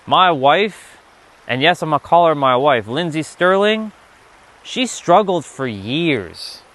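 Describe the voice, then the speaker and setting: A man's voice: a little high, lively intonation, takes it slowly, fairly bright tone. A man giving a motivational livestream talk, emphatic and profane, often repeating himself. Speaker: livestream speaker.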